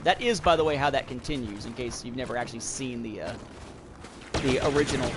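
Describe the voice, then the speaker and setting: Talking fast in a medium-pitched voice, this thirty-something podcast host rambles casually to his livestream chat while gaming. Behind him, the shooter he's playing blares loudly.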